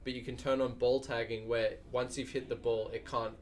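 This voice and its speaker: A man's voice: mid-range voice, level tone, moderate pace. Chatty man with faint room noise. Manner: enthusiastic, rambling with fillers. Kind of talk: casual chat about games.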